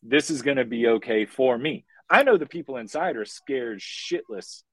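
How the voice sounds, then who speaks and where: A man telling wild stories as a podcast guest, profane and animated, acting out the voices of the people in them. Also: medium pitch, moderate pace, husky, dry recording. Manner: profane, animated, acts out quoted dialogue. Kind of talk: casual chat, storytelling.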